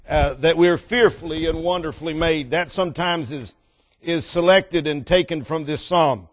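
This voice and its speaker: A man preaching a fervent sermon at a revival meeting, rising loud on scripture and trailing off softly, with many fillers. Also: fairly high pitch, big-room sound.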